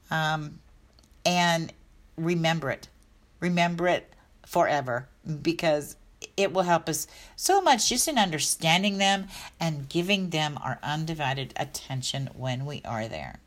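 Middle-aged lady vlogging, low-ish voice, chatty and upbeat, rambles a bit. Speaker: dog health coach. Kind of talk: casual vlog talk.

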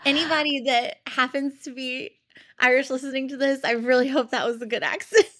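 A woman's voice: high-pitched, steady tone, brisk, a bit bright. A woman in her twenties telling stories in a casual podcast chat, chatty and giggly, with lots of fillers. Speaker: podcast host.

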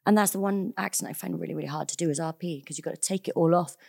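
A woman's voice: sits low, racing, vocal fry, darkish tone, husky. A woman in her thirties with a light Welsh accent, telling stories as a guest in a casual, giggly chat. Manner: chatty, giggly, storytelling. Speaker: actress, podcast guest.

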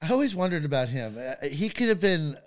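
A man with a slightly higher voice hosts a casual chat and tosses in quick, jokey quips. His sound is dry and close to the mic. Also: sing-song, no room sound.

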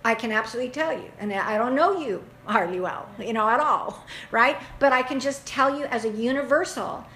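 A woman giving casual, folksy advice to a caller, animated and emphatic, often laughing as she talks. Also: on the high side, a little fast. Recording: echoey room with faint ambience.

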